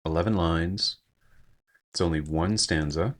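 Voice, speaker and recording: A man's voice: low-pitched, measured pace. A man giving a screen-share poetry lesson, thinking aloud with frequent fillers and self-corrections. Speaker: teacher.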